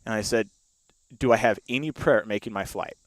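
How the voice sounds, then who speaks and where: A man's voice: fairly low pitch, fairly quick, no room sound. A young man telling a long story in casual chat, with lots of fillers and laughs, spoken into a studio mic. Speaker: podcast guest.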